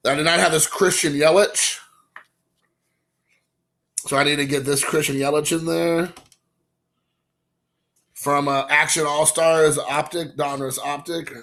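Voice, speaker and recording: A man hosting his own card-collecting vlog, telling a rambling, excited story full of quoted asides. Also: on the high side, unhurried, pauses often. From Indiana, USA. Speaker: card-collecting channel host. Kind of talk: casual vlog chat.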